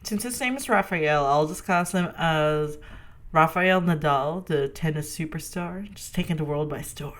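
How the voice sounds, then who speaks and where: A woman's voice: low-pitched, moderate pace. A young woman co-hosting a podcast, chiming in with dry quips and pop-culture jokes. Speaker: podcast co-host. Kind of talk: casual comedic banter.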